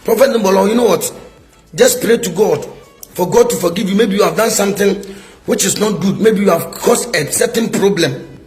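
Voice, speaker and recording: A man's voice: high-pitched, moderate pace, a little mellow, soft background music. A middle-aged man with a Ghanaian English accent, a prophet scolding a rival in a heated video response, full of rhetorical questions.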